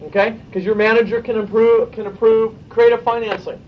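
A man with a high-pitched voice runs a sales training session for his team, coaching in a brisk way and asking rhetorical questions. He sits far from the mic, and the recording sounds dull and muffled. A faint room ambience hums behind him. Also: steady tone, slight background noise.

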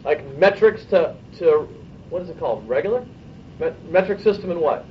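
A man coaching his sales team in a meeting, brisk and persuasive, checking in with "okay?" and firing off rhetorical questions. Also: fairly high pitch, expressive, distant mic, highs cut off, a little hiss or hum. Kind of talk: sales training talk to a room.

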